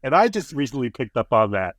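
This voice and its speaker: A man talking casually on a review podcast, chatty and full of asides. His pitch is ordinary and the sound is dry and close-miked. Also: very animated, quick pace, a bit bright, no echo. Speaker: podcast co-host.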